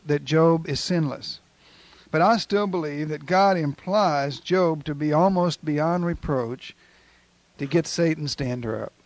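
Folksy preacher man, slightly high voice. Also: dry recording. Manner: folksy, animated storytelling. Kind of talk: sermon.

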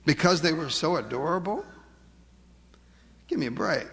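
A man preaching a sermon, emphatic, asking rhetorical questions and slowing down to stress key words. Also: on the high side, lively intonation, a bit bright, big-room sound. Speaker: pastor.

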